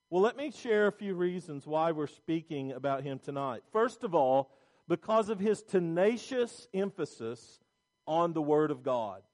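Emphatic high-voiced male preacher. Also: darkish tone. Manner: emphatic preaching with repetitions and restarts. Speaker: pastor. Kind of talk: sermon.

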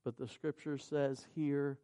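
Slow, deliberate preacher man. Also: mid-range voice, little pitch movement, clean tone. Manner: slow and deliberate, rising to loud emphatic peaks; reads scripture aloud in measured cadence. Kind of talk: sermon.

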